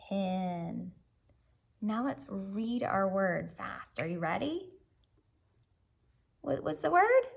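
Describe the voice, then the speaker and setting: A woman's voice: mid-range voice, vocal fry, husky. A woman teacher leading a children's reading lesson, cheerfully prompting young learners to sound out and blend words.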